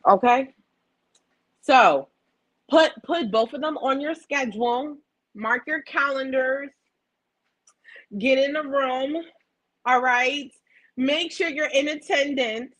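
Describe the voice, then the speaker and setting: Lively preacherly woman, lo-fi audio. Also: fairly high pitch. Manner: lively, preacherly, playful and emphatic. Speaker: host of a weekly affirmation livestream. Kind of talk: casual spiritual talk.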